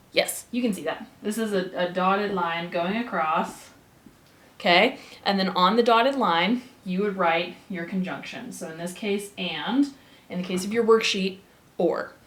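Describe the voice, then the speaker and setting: A woman's voice: medium pitch, a bit bright. Playful woman teacher, echoey room. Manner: chatty, playful asides to students. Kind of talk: casual grammar lesson.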